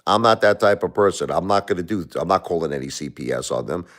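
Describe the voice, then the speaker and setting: He's a middle-aged man running a livestream, talking fast in a low, slightly bright voice with lively intonation. Defensive and emotional with his audience, he rambles, restarting and repeating himself.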